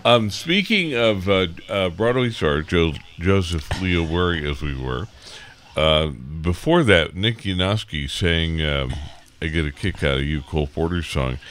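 A middle-aged man hosts a morning radio show from a radio studio, his voice low-pitched with a fairly bright tone. He's stuffy and sniffling from a cold, and he rambles with plenty of fillers.

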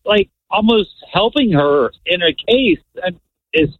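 A man's voice: sits high, lively intonation, measured pace, husky, no echo. A male caller phoning into a radio show, indignant and stammering as he repeats words. His slightly raised voice comes through a narrow, tinny phone line.

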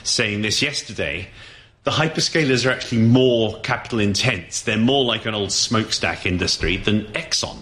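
A man in his fifties, an opinion columnist, talking through market analysis in a halting way with many restarts and fillers. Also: lowish voice, fairly bright tone.

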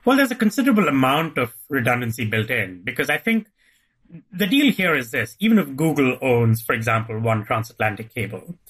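A man's voice: mid-range voice, big pitch swings, fairly quick, fairly bright tone, breathy edge. A man, a guest author on a podcast interview, explaining methodically and walking through hypothetical cases.

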